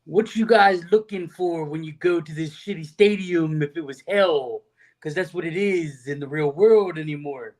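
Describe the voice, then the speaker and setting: A man puts on a gruff Italian New Yorker, brash and crude in his griping. The put-on voice rides slightly higher and louder than his everyday talk. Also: moderate pace, lightly acted, low-quality recording. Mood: grumbling.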